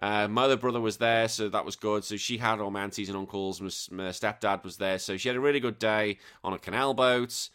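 A middle-aged English man hosting a podcast, reading out listener messages in casual chat and bursting into loud sworn exclamations. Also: fairly low pitch, a little fast, few pauses, clear, resonant tone. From England. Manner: animated, swears freely, bursts into loud exclamations. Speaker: podcast host.

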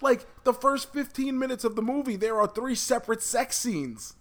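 A man co-hosting a casual pop culture podcast, animated, swearing freely and exaggerating for laughs. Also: extremely high pitch, normal speed. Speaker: podcast co-host.

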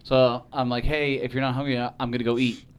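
A man's voice: medium pitch, little pitch movement, fast talker. A man telling a story on a podcast in casual, profane talk, acting out the voices of the people in it. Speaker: podcast guest.

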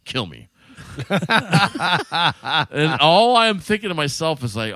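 A man's voice: a little high, takes it slowly, long pauses, dry recording. A man casually telling a long story, swearing freely and acting out what each person said. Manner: animated, profane, acts out quotes.

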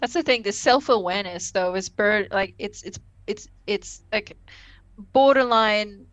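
A woman co-hosting a podcast, chatting casually with frequent giggles and quick acted quotes. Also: medium pitch, no room sound, muffled recording. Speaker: podcast co-host. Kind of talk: casual chat recapping a TV episode.

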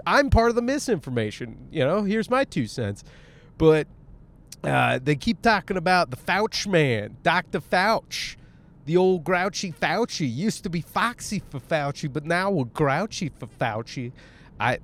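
A man hosting a podcast, ranting casually and sarcastically, swearing often and acting out quick voices as he rambles. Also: a little high. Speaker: podcast host. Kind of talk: casual comedic rant.

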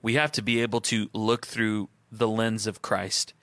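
A married man co-hosting a casual Christian talk stream, thinking out loud and posing questions to his partner and the chat. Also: lowish voice, level tone, unhurried, no room sound. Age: adult, married. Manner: thoughtful, musing, asks questions aloud. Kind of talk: casual faith discussion.

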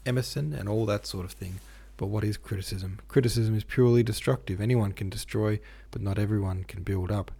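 A man's voice: on the low side, fairly quick, gravelly, hardly any pauses, warm tone, husky. A man reading a pompous tipsy young poet. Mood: lofty. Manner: grand, rhythmic, self-pleased delivery.

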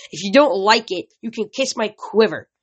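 A reader in an amateur audiobook reading, voicing a short, scowling teenage archer boy who yells and sneers. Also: medium pitch, expressive, normal speed, husky, voice pushed up. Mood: yelling. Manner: yelling, scornful.

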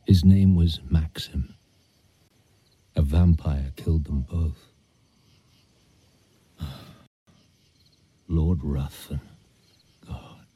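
An actor playing a bitter old former magician who lost his family, speaking in a hushed voice that slips into whispers. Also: extremely low pitch, slightly rough, full character voice. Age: older. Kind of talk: animated series drama.

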